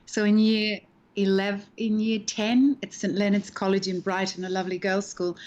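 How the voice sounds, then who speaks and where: A woman's voice: medium pitch, unhurried, lo-fi sound. A middle-aged actress telling stories in a casual interview over a video call, acting out the voices of people she quotes. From Australia. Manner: animated storyteller, acts out quoted voices. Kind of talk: casual chat, storytelling.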